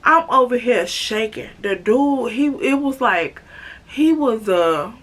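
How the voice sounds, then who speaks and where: Bright, animated woman telling a story. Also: a little high, slow pace. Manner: animated, profane, chatty, addresses viewers as girl. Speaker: vlogger. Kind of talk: casual storytime monologue.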